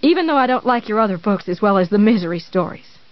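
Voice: medium pitch, animated, fast, close to an everyday voice. A narrator reading an audiobook and voicing an obsessive, unstable woman caretaker with an earnest, cloying, prim manner. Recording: dry, slightly dull recording.

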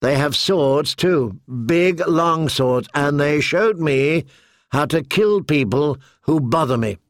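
A man's voice: a little high, expressive, slow pace, no room sound, studio quality. A man voicing a fierce, stubborn young girl who speaks bluntly and defiantly.

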